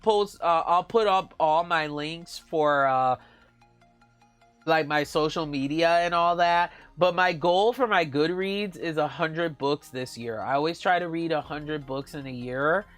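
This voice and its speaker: A man's voice: on the high side, a little slow, fairly bright tone, no echo, faint music behind. A man chatting casually to viewers on a live stream, gushing and giggly, often calling out to them as guys. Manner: giggly, with playful exclamations. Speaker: book vlogger.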